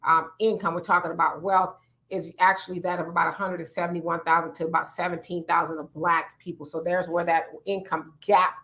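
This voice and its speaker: A woman's voice: lowish voice, level tone, fairly quick. A woman from California with a Californian accent, hosting a casual livestream chat, reading viewer comments aloud and answering them. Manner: self-described loud talker. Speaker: host.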